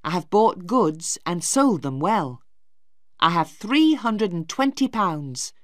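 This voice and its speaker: A woman voicing a stern young man who speaks harshly and forcefully in a storybook reading. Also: fairly low pitch, very animated, takes it slowly, dry recording, clean studio sound, voice pushed up. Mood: proud. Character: stern, angry young man, Maggie's brother.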